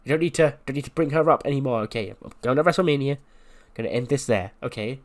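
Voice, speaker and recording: A man's voice: quick pace, close to an everyday voice. A man voicing a cocky woman wrestler who shushes and keeps repeating herself. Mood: dismissive. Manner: high, insistent, repeats itself.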